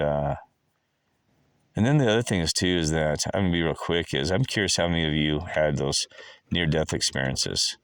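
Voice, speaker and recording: A man with a very low voice rambles through casual stories, excitable and full of asides and exclamations. The sound is dry and close, with no room around it. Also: no echo. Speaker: vlogger.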